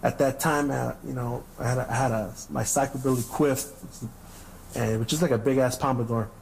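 A man's voice: mid-range voice, steady tone, a little fast, creaky, slight background noise, poor audio. A man from Southern California hosting a podcast, telling stories casually and profanely, with frequent restarts. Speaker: podcast host. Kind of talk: casual storytelling.

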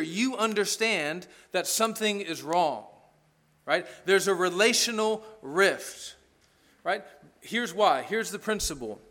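A middle-aged man delivers a sermon in a loose, conversational style, with a voice that sits high for a man. He mixes wry sarcasm with earnest points and keeps checking in with his listeners. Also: a bit bright. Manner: conversational, sarcastic humor, asks "right?" often. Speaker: pastor.

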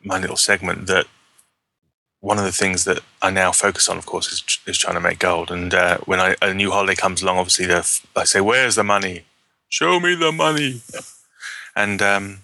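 Man, very deep voice, sharp and forceful tone, rambling podcast host chat. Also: monotone, a little fast, creaky. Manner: rambling, self-correcting, wry. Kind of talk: casual gaming podcast chat.

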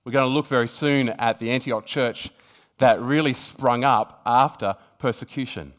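Delivering a sermon at a moderate pace, this man has a mid-range voice. His earnest preaching is full of restarts, and he reads passages of scripture aloud as he climbs to emphatic high points.

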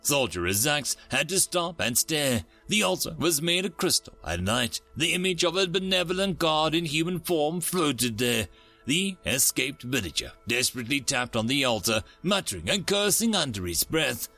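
Gravelly, animated male storyteller. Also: a little high, normal speed, faint music behind. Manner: dramatic, varied emphasis. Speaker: narrator. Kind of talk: dramatic story narration.

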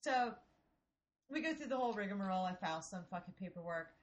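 A woman in her forties from Ohio, telling a story in casual, profane, animated chat. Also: mid-range voice, quick pace, lo-fi sound. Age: 40s.

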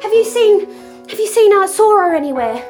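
A woman's voice: very high-pitched, sing-song, moderate pace, darkish tone, faint music behind. A woman playing an eager, clumsy young son in a comedy sketch. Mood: gushing.

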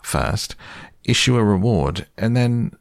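A man's voice: lowish voice, animated, slow pace, creaky, no room sound, studio quality, pitched above the performer's own voice, heavily acted. A man voicing a pompous, wordy old male owl in a storybook reading. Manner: long-winded, pompous.

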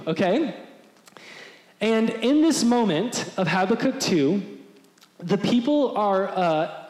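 A male pastor delivers a sermon in a high, bright-toned voice, animated and acting out crowd voices. His voice carries a long reverb, as if in a large church hall.

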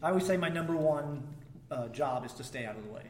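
A man's voice: a little high, animated, quick pace, darkish tone, reverberant, big-room sound, a little hiss or hum. A man who referees improv comedy, chatting modestly and joking dryly. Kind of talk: casual group chat.

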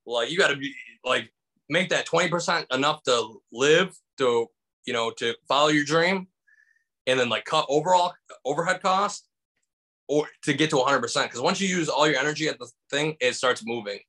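A man from Michigan, a comedian, telling a story in casual conversation with lively acted-out voices and lots of fillers. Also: on the high side, normal speed. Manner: animated, acts out voices in anecdotes, many fillers. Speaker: stand-up comedian guest.

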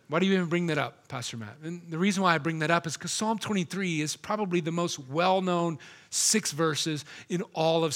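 A man preaching a sermon as pastor, emphatic, dropping soft and low to linger on quoted lines.

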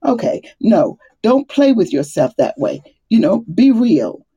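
A woman's voice: medium pitch, big pitch swings, unhurried, mellow, breathy edge. A middle-aged woman giving a casual faith talk, laughing often and acting out the voices she quotes. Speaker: Bible study speaker.

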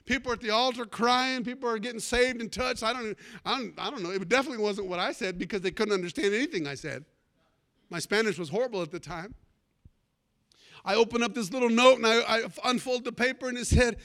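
High, bright-voiced preacher telling a story. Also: male voice, quick pace. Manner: animated, comic storytelling with sudden shouts. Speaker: pastor. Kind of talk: storytelling sermon.

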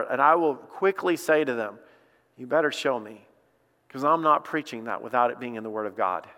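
A male pastor preaches with passionate emphasis, often stumbling over repeated words as he builds. His voice sits a little high for a man. The sermon rings out in a church hall with a long reverb tail. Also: fairly bright tone.

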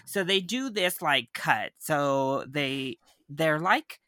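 A man reviewing a film in casual chat, ranting with animated exasperation. His voice is bright and forceful. The sound is dry and close. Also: fairly high pitch, slow, no room sound. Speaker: movie reviewer.

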